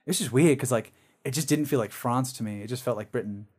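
A man chatting on a podcast at an average pitch. He rambles, fills his sentences with "like", and keeps restarting his thoughts. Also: fast talker, a little mellow, breathy edge. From Australia. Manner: rambling, many fillers and restarts, drops into silly voices. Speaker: podcast co-host. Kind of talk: casual chat.

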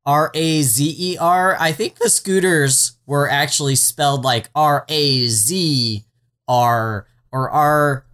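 A medium-pitched, slightly bright voice unhurriedly recaps a TV show on a podcast. The co-host keeps cutting themself off, drifting into "like" and "um" asides with a wry, sarcastic tone and an occasional swear.

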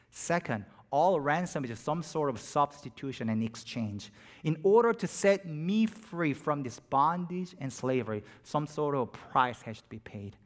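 Preacher swinging from hush to fervor. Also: male voice, mid-range voice. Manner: dynamic, drops to near-whispers and rises to emphatic peaks. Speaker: pastor. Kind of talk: sermon.

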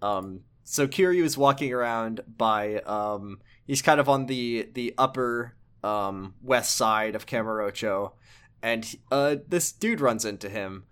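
A man's voice: mid-range voice, a little slow, fairly bright tone, smooth. A young man casually recapping a video game's story as a podcast co-host, joking and rambling with fillers. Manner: jokey, rambling, lots of fillers. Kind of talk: casual chat.

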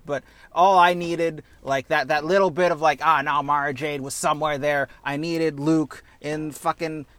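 A man co-hosting a podcast in casual chat, animated and profane, slipping into goofy character bits. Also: on the high side, normal speed, no echo. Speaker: podcast co-host.

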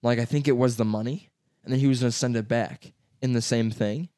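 A man's voice: medium pitch, steady tone, brisk, mellow, clean tone, no room sound, studio quality. A young man with a stuffy nose, co-hosting a podcast in casual, rambling chat, swearing and laughing often. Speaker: podcast co-host.

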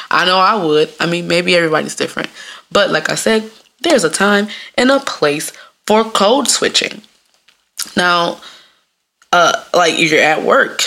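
Animated gravelly-voiced woman podcaster. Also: fairly low pitch, a little slow. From Midwest US. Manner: animated, acting out quoted voices. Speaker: podcast host. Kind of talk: casual comedic monologue.

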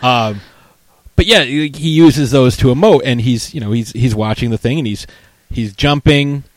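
A man co-hosting a casual chat about a film. He rambles, restarts, and scatters "like" through animated retellings of scenes. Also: mid-range voice, normal speed, dry recording.

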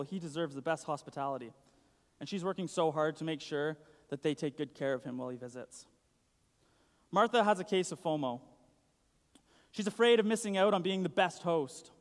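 Young man, casual preaching, high voice, chatty, echoing hall. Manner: chatty, uses "like" a lot. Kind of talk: casual sermon. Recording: long hall reverb.

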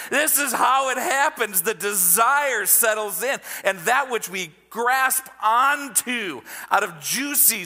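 A man preaching a sermon in an animated, conversational way, often checking in with his listeners. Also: high voice, in a large hall. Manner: animated, conversational, asks the audience "right?". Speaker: pastor.

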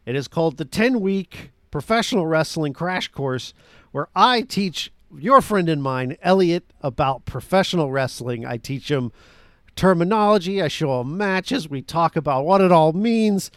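A man hosting a podcast in casual chat, joking and animated with quick asides. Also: a little high, no echo, studio quality. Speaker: podcast host.

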